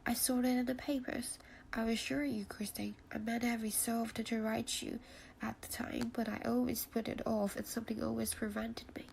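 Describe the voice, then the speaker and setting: Woman reading a lively young wife. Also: fairly high pitch, moderate pace, creaky, slight background noise. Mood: eager. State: stuffy nose from a cold.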